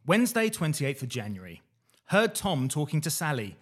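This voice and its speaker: A man co-hosting a casual podcast, reading old diary entries aloud in a dry, deadpan way with the odd swear. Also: a little high, moderate pace, husky.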